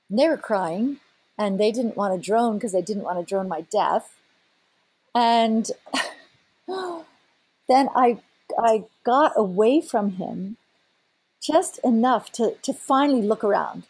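An older woman, a scientist, animatedly recounting a personal story in an interview with a husky voice. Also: mid-range voice. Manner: animated, breaks into laughter and restarts. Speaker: scientist guest.

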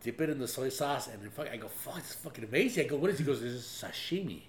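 A man's voice: medium pitch, expressive, very fast. A man telling profane stories in a casual chat, laughing often. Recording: echoey room with faint hum.

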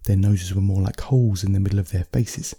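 Low, husky male bedtime storyteller. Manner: calm, measured, soft-spoken reading.

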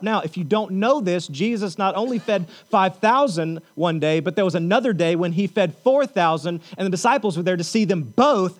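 High-voiced man preaching a casual sermon. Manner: conversational, checks in with repeated "okay?", joking asides. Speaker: pastor.

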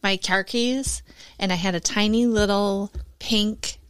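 A woman's voice: mid-range voice, steady tone, takes it slowly, smooth, no echo. A woman in a casual podcast chat, telling travel stories hesitantly with many fillers. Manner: hesitant, filler-heavy storytelling.

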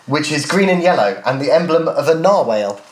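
Man running a tabletop game, playful, slightly high voice, roomy echo. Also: expressive, fairly quick. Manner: playful, descriptive, laughs at own jokes. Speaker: game master.

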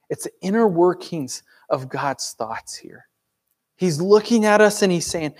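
A man's voice: sits high, lively intonation, normal speed. A man preaching a sermon in a conversational way, asking rhetorical questions and acting out the voices of characters in a parable. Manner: acts out dialogue of parable characters. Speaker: pastor.

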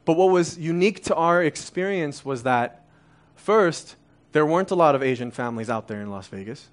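A man's voice: on the high side, animated, normal speed. A man in his thirties, originally from Korea, preaching a conversational sermon full of rhetorical questions. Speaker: pastor.

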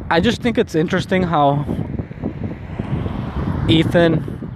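A young man talks into his phone as he walks through the city, chatting loosely and packing his sentences with "like." His voice sits a touch high for a man. Street traffic and city noise come through clearly on the phone recording. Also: slow pace. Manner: rambling, heavy use of "like". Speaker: vlogger. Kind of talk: casual walking vlog monologue.

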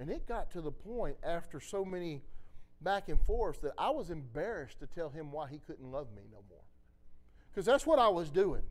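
A preacher delivering an impassioned sermon, swinging between loud exhortation and quiet storytelling. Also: male voice, sits high. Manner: impassioned, rising and falling.

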